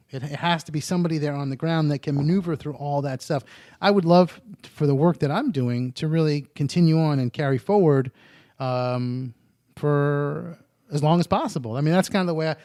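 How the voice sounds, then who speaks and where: A man's voice: a little high, darkish tone, no room sound, studio quality. A man talking casually as a podcast guest, telling stories with joking asides. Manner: chatty storyteller, joking asides. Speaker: guest, addiction interventionist.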